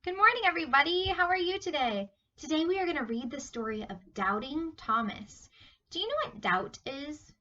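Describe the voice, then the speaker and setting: A woman teaching Sunday school, reading a Bible story to children in an animated, questioning way. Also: high-pitched, moderate pace, far from the mic, highs cut off. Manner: animated, questioning, talks to kids directly.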